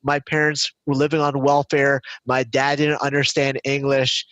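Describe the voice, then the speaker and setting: A man speaking as a guest on an interview podcast, reflective, with frequent restarts, growing lively when he tells stories. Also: mid-range voice, normal speed, no room sound, low-quality recording. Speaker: business finance coach as podcast guest. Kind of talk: casual interview storytelling.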